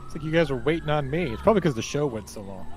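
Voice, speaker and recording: A man's voice: fairly high pitch, lively intonation, very fast, slight background noise. A tired man hosting a casual livestream from his home office, chatting and reading viewer comments with rambling, self-deprecating asides. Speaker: host.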